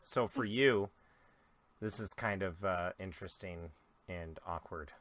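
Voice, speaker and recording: A young man runs a tabletop game as dungeon master. His voice is bright and fairly low, and he tells the story loosely, full of fillers and restarts. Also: unhurried.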